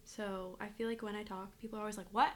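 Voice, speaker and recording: A young woman co-hosting a podcast in casual chat, with a naturally soft speaking voice. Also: medium pitch, level tone, quick pace. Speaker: podcast co-host.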